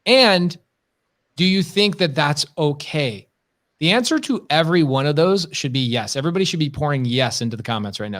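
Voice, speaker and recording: A man's voice: fairly high pitch, animated, brisk, fairly bright tone. A man co-hosting a live business stream, talking emphatically in rhetorical questions. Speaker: podcast co-host.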